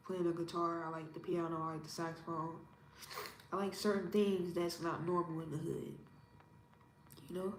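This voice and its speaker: A woman in her thirties from Indiana, giving her opinions in a casual interview in a calm, measured, self-assured way. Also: on the low side, a little hiss or hum. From Indiana, USA. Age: 30s. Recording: roomy echo with faint ambience.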